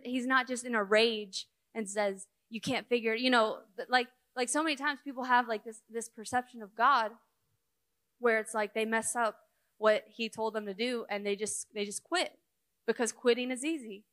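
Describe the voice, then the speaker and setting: Bright, chatty woman minister. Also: on the high side. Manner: chatty, full of "like" and "you know"; acts out quoted prayers and replies. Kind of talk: conversational sermon.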